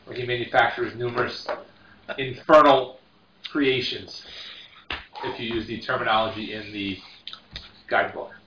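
A man narrating a tabletop game as game master, in a relaxed and halting way, recorded from a distance in an echoey room. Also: mid-range voice, highs cut off, slight background noise.

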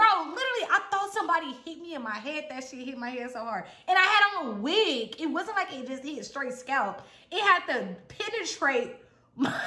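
A young woman with a Houston accent tells a storytime vlog in a high, lively voice that leaps up and down. Her tone is bright, she laughs often, and she acts out every line of dialogue. The room sounds echoey. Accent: Houston, Texas. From Houston, Texas. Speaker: vlogger. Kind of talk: casual storytime.

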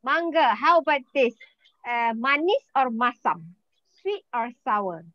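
A Malaysian woman whose first language is Malay, teaching an online Malay lesson in English and slowly repeating words for her students. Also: sits high, animated, no room sound, muffled recording.

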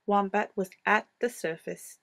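A woman reading a children's picture book aloud in an expressive, playful way. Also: medium pitch, unhurried, gravelly. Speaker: storyteller. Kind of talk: storybook read-aloud.

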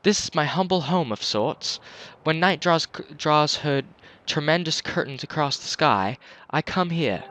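A man's voice: on the high side, animated, unhurried, few pauses, fairly bright tone. A man doing a pompous English shopkeeper, beetle fancier. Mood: flowery. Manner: pompous, flowery, stumbling over words. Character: genteel old male beetle-keeping shopkeeper.

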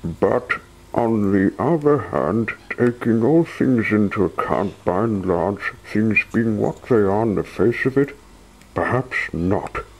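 A man's voice: on the low side, lively intonation, slow, a little mellow, voice pushed up, heavily acted, low-quality recording. A man voicing an eccentric, pompous wizard in a storybook reading, theatrical and rambling. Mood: stern, musing.

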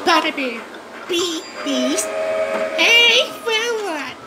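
A woman voicing a possessive, mischievous cartoon kid in an animated TV commercial. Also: very high voice, slow pace, noisy background, heavily acted.

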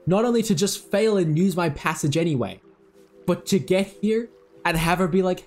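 A young man giving excitable, swearing gameplay commentary while he plays, talking to himself. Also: on the high side, brisk, soft background music. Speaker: gaming video creator.

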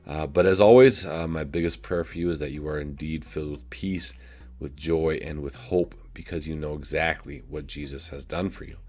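A man's voice: a bass voice, steady tone, normal speed, darkish tone. A man, a pastor giving a short video devotion in a folksy way, with many filler "uh"s. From United States. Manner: folksy, many filler "uh"s, chuckles at own jokes.

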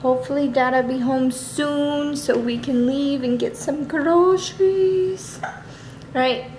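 A woman's voice: high-pitched, little pitch movement, slow pace, darkish tone, a little hiss or hum. A woman vlogger casually signing off to her viewers in an easygoing, chatty way. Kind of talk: casual vlog sign-off to viewers. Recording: roomy home recording.

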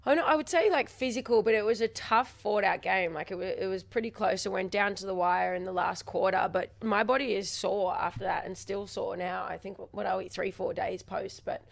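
Gravelly-voiced woman, chatty host. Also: medium pitch, steady tone, brisk, few pauses. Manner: chatty, playful, laughs a lot. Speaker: co-host, footballer. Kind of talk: casual chat.

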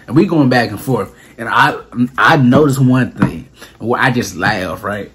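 A young vlogger tells a story in casual, slangy speech, acting out quotes with animated jumps in his voice. He has a medium-pitched, slightly breathy voice and a moderate pace.

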